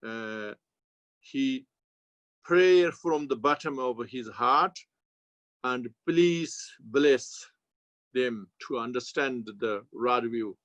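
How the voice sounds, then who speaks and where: A man with a Tibetan accent, a Buddhist teacher giving a slow, halting dharma commentary in non-native English. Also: mid-range voice, expressive, a bit bright, no room sound. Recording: dull, lo-fi sound.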